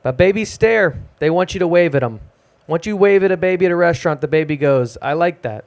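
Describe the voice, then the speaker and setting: A young man doing a self-deprecating, deadpan stand-up set at an open mic in a small music club. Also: high voice, fast talker. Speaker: stand-up comedian.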